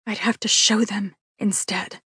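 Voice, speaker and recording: A woman's voice: medium pitch, level tone, unhurried, a bit bright, husky, no room sound, clean studio sound. A woman narrating a novel in the first person with a wry, confiding manner. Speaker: audiobook narrator.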